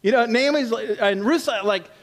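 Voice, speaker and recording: A man preaching a sermon in an animated, humorous, conversational way, swinging from loud to hushed. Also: very high-pitched, normal speed. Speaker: pastor.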